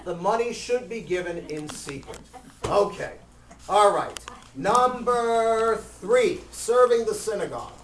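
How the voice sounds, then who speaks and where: A man's voice: high-pitched, slow pace, slight background noise. A man telling a story to a live group in a casual, jokey way, acting out voices. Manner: lively, jokey, acts out voices and shouts. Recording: echoey room, mic at a distance.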